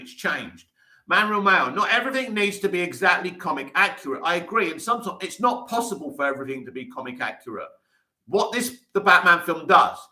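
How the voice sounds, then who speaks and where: A man chats casually on a live stream, answering viewer comments with eager enthusiasm and plenty of restarts. His voice is bright and forceful, sitting a little high. The room around him is echoey. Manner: enthusiastic, talks in restarts and asides. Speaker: livestream host reading viewer comments.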